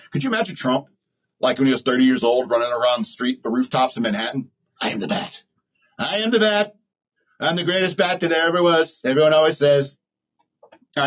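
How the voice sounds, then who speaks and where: A man holds forth on his own podcast with a husky, slightly rough voice. He rambles bluntly and chuckles at his own jokes as he goes. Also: medium pitch, rough recording. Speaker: podcast host. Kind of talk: opinionated solo talk.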